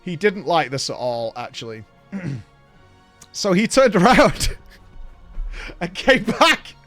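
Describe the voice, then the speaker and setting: High-voiced guy telling a wild story, swears constantly, dry sound, bit of music behind. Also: slow, dry recording. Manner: animated, swears a lot, laughs through the story. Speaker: podcast host. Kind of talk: casual storytelling chat.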